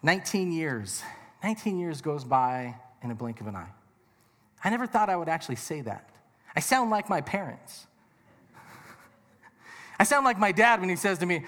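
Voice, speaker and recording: High-voiced man preaching in a hall. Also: big pitch swings, moderate pace, long pauses, a bit bright. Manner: conversational and joking with the audience, rhetorical questions. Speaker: pastor. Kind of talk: sermon. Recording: reverberant hall.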